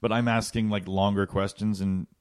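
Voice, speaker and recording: Low-voiced, profane male podcast co-host. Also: level tone, moderate pace, no echo, clean studio sound. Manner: profane, wry storytelling. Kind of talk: casual comedic chat.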